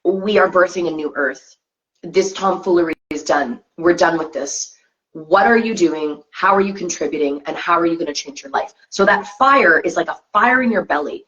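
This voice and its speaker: This woman, co-host of a tarot reading show, speaks in a lowish, fairly bright voice at normal speed. During the spiritual chat over a video call she talks earnestly, leaning on repeated coaching phrases, and the sound is slightly dull and lo-fi.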